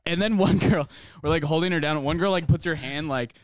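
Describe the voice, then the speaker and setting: A man telling a chaotic story in casual podcast chat, rambling and laughing, shouting out the quoted lines. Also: on the high side, quick pace, no echo, clean studio sound.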